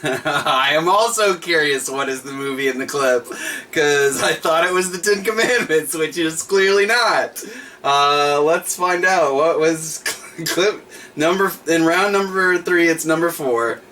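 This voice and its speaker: A man's voice: fairly high pitch, measured pace, pushed and bright, distant mic, a little hiss or hum. A man hosting a livestreamed trivia night, reading each question twice and chatting with small laughs in between.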